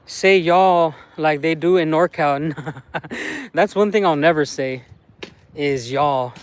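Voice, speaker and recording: A man's voice: a little high, slow, slight background noise. A man from the United States chatting casually on a live stream while out in a small town, rambling and often ending phrases with "man".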